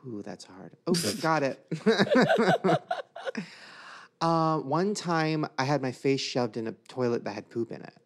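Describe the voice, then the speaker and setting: A young man hosting a podcast, chatting casually and telling an animated story, putting on voices for the people in it. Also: a little high, takes it slowly. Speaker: podcast host. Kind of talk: casual chat.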